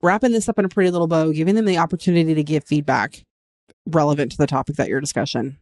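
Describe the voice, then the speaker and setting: A woman co-hosting a casual podcast conversation, animated and dramatic, mocking herself. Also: low voice, fast. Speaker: podcast co-host.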